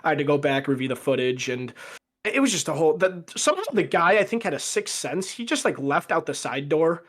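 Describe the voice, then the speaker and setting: A man's voice: on the high side, lively intonation, a little fast, a bit bright. Chatty young man telling a story. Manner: rambling anecdote with fillers and acted quotes. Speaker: podcast guest. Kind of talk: casual storytelling.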